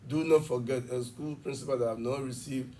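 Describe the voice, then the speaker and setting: Recorded far from the mic with a bit of background noise, a man's mellow, mid-range voice holds a steady tone. He is an education official giving a long TV interview, explaining quickly and emphatically with examples.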